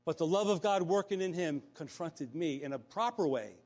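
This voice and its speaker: A man's voice: fairly high pitch, expressive, normal speed, darkish tone. A man preaching a conversational sermon, often restarting phrases and acting out quotes. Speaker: pastor.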